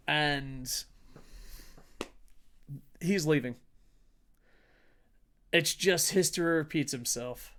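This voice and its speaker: Young guy doing wrestling news, rants and swears a lot, laughs a bunch, slightly high voice. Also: normal speed, long pauses, a bit bright, clear, resonant tone. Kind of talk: casual commentary reading headlines.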